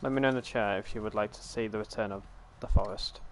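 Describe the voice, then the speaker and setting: A young British man hosting a casual game stream, telling stories to his viewers and calling them ladies and gentlemen. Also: fairly low pitch, steady tone, quick pace, slight background noise. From Britain. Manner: chatty storyteller, addresses viewers as ladies and gentlemen. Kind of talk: casual gaming stream chat.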